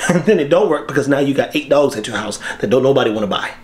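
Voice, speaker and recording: A man hosting his own channel, talking casually to the camera about breeding dogs in an animated, slangy way with frequent laughs. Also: mid-range voice, fast. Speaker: dog breeder and channel host.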